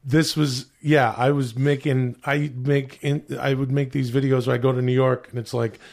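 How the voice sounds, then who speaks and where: A man's voice: mid-range voice, little pitch movement, moderate pace, gravelly, a little mellow. A man hosting a podcast in casual, joking, profane chat that rambles along. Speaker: podcast host.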